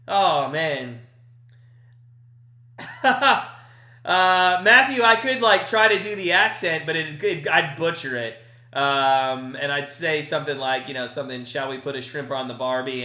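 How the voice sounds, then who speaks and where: A man's voice: high voice, bright, forceful tone. A young man hosting a casual live stream, giving baseball play-by-play in a loose, joking way and answering viewer comments. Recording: echoey room.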